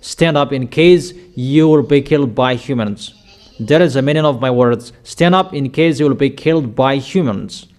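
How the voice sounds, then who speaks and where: A man preaching a sermon with slow, emphatic declarations, often repeating his lines for weight. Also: medium pitch, darkish tone.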